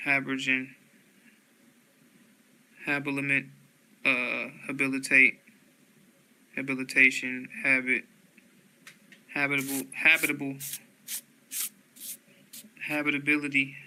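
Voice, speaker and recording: Guy reading dictionary words one by one, super bright clear voice, real flat. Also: mid-range voice, rough recording. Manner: slow, flat, one word after another. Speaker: dictionary reader. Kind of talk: reading a word list aloud.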